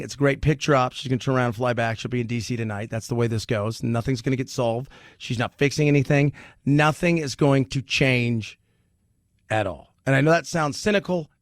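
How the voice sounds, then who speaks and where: A man's voice: medium pitch, no room sound. A middle-aged man hosting a talk radio show, talking bluntly and sarcastically in a rambling monologue into a studio mic.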